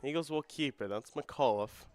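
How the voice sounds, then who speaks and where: A young man doing play-by-play for a student soccer broadcast. His voice climbs and quickens as the attacks build. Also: mid-range voice, dry recording. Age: young adult. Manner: rises and speeds up with the action. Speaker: play-by-play commentator. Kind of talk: student sports commentary.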